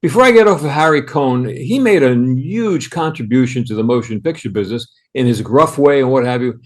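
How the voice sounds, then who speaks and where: A man's voice: medium pitch, expressive, fairly quick. An older man in his eighties with a Bronx accent, telling anecdotes animatedly as a podcast guest, full of restarts. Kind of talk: anecdotal storytelling.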